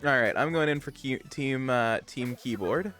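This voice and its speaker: A man streaming a game live, chatty and excitable, talking to his chat as he plays. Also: medium pitch, moderate pace, soft background music. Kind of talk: live gameplay commentary.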